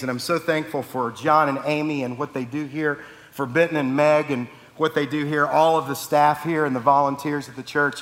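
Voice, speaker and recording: A man's voice: a little high, fairly bright tone, long reverb tail. A man preaching to his church, telling a humorous story in a rambling, self-correcting way. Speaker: pastor. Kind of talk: sermon announcements and anecdote. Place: church sanctuary.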